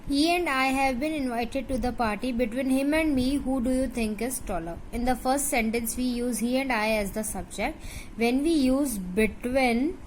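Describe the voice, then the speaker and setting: High-voiced Indian English woman teaching. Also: slight background noise, low-quality recording. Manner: patient, checks understanding with "right?"; drills word lists slowly. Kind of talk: grammar lesson explanation.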